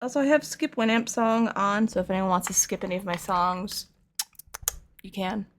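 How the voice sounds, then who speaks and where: A young woman in a mid-range voice chats at a moderate pace while painting figures on stream, with slight background noise in the recording. Her casual talk is playful and rambling, with animated storytelling throughout.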